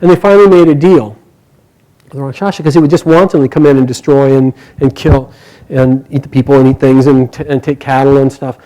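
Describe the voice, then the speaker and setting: A man telling a myth aloud to a live group, animated and chuckling along with the story. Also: mid-range voice, brisk, rough recording.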